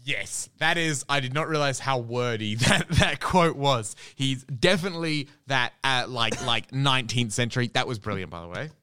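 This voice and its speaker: A man's voice: medium pitch, normal speed, hardly any pauses, bright, forceful tone, clear, resonant tone, no echo. A man co-hosting a podcast in casual chat, rambling enthusiastically with lots of restarts. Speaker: podcast co-host.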